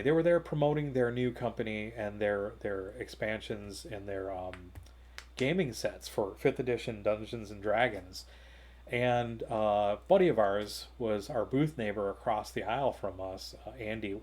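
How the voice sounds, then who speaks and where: A man's voice: lowish voice, moderate pace, slight background noise. Rambling man telling a story at home. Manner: rambling, animated, with many fillers and restarts. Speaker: co-host of a gaming talk show. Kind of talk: casual anecdote telling. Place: home hobby room.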